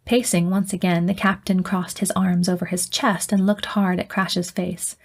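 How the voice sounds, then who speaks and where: Woman reading an audiobook in first person, even and measured. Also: fairly low pitch, creaky. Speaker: audiobook narrator.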